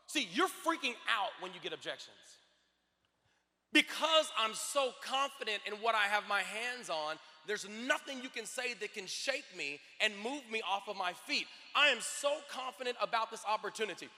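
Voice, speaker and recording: Man, thirties, motivational speaker, high voice, shouts and murmurs, long hall echo. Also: animated, moderate pace. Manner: preaching, playful, drops to a murmur, then bursts out shouting. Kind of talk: stage talk to a live audience. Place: large conference hall.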